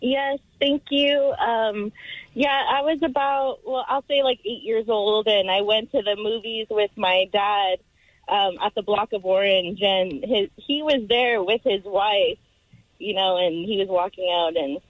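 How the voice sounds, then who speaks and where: A woman's voice: medium pitch, measured pace, no echo. A woman calling in to a radio show, speaking hesitantly with lots of fillers. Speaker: radio caller. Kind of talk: casual phone call. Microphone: telephone. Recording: tinny phone line.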